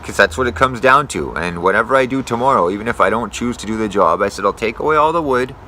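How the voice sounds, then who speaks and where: Foul-mouthed ranting young man, bright voice. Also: lowish voice, animated, quick pace, slight background noise. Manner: profane, swears constantly; rambling, self-correcting. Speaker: tree climber. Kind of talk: casual rant to camera.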